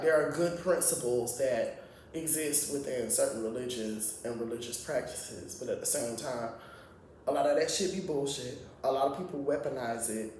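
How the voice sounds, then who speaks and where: A man's voice: mid-range voice, darkish tone, slight background noise. Blunt cussing guy, rambling reality tv rant, real echoey room, kinda far from the mic. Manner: blunt, profane, rambling asides. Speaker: reality TV commentator. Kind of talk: casual opinion monologue.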